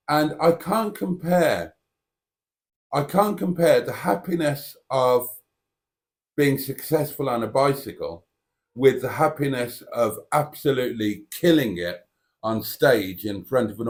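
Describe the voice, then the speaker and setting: A man's voice: medium pitch, darkish tone. A British man hosting a live stream, chatting in a casual, reflective and self-mocking way. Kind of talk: casual rambling live chat.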